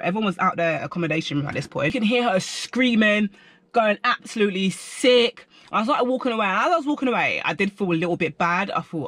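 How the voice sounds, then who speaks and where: Animated young man telling a story. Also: sits high, quick pace, no echo. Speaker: vlogger. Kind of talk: storytime vlog.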